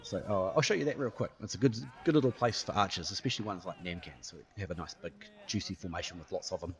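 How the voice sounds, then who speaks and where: A man's voice: low-pitched, fast talker. A man giving casual live commentary over his own gameplay, chatty and playful, tossing in sound effects and running remarks. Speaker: gaming YouTuber.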